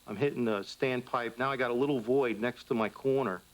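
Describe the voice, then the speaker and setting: A man, a firefighter, giving a plain, steady first-hand account in a documentary interview. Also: medium pitch, a little fast, low-quality recording. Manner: plain, steady retelling with quoted speech.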